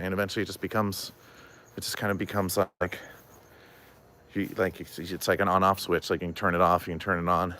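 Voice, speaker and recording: A young man with a very low voice talks loosely on his stream, full of "like" and "um". He wanders through a story and stops to answer chat messages. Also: little pitch movement, fast, fairly bright tone. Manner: rambling, many fillers, reads and answers chat. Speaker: comedian streamer. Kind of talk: casual livestream chat.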